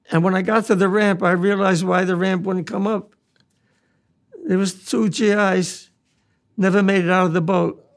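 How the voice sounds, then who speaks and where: An American war veteran in his nineties tells personal stories of his war memories in a high, gravelly voice. His delivery is plain and halting, and he repeats key phrases.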